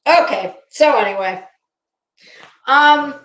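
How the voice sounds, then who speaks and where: A woman hosts a casual livestream in a bright, high voice. She is chatty and opinionated and speaks directly to her chat. The room around her gives a noticeable echo. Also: lively intonation, slow pace, noisy background. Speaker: livestream commentary host. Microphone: phone.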